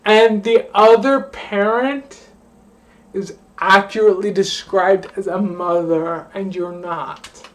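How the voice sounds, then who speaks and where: A young woman, plainly drunk, rambles through a vlog in a slow, slurred drawl, swearing freely and circling back to the same words again and again. Her voice sits in the middle of the range and reaches the mic from a little distance away. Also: mid-range voice, fairly even intonation. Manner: slurring, profane, repeats a phrase over and over. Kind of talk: rambling late-night vlog rant.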